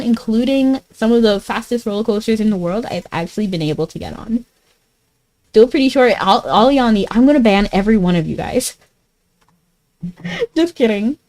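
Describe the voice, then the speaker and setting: A woman's voice: fairly high pitch, expressive, moderate pace, darkish tone, rough recording. A woman streaming a game, chatting casually and giggling as she answers her chat. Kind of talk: casual live-stream chat while gaming.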